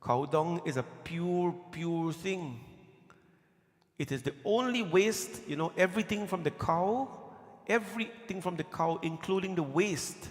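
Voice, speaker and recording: Brief: male preacher, somewhat high voice, folksy storytelling sermon, long temple-hall reverb. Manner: folksy, conversational storytelling with repeated phrases. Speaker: preacher leading a scripture reading. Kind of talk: devotional sermon.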